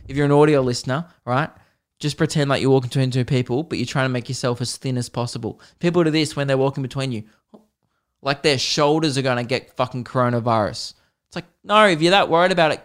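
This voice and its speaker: A young man from Australia ranting in a profane, jokey way on a solo podcast. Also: mid-range voice. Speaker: podcast host.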